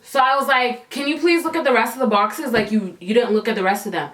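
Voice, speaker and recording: A woman's voice: fairly high pitch, fast talker, a bit bright. Sassy young woman telling a story. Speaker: vlogger. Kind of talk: storytime vlog. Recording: echoey room.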